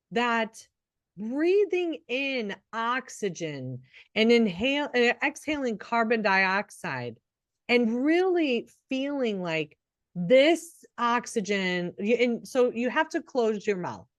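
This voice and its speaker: A woman's voice: a little high, very animated, slow pace, no echo. A middle-aged woman, a nurse and podcast co-host, talking in an earnest, encouraging way with frequent restarts. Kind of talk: casual podcast chat.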